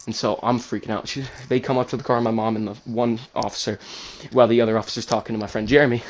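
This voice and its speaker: A man tells a personal story in a relaxed, animated way, swearing freely and acting out everyone involved. His voice sits at a middling pitch, and a faint background hiss runs under it. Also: rapid-fire. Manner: animated, swears, acts out quotes. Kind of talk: casual storytime.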